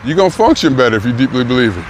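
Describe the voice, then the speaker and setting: A man's voice: medium pitch, big pitch swings, very fast. A man in his sixties musing aloud in a rambling, emphatic casual vlog, repeating himself as he works through his thoughts. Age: 60s. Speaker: vlogger. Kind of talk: reflective casual monologue. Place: outdoors near a car rental lot. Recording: noisy outdoor street recording. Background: traffic and city noise.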